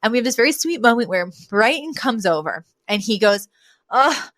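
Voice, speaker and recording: Lively woman podcast co-host, dry mic. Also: fairly high pitch, a little fast, dry recording. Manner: lively storyteller who acts out quotes and laughs often. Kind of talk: casual recap chat.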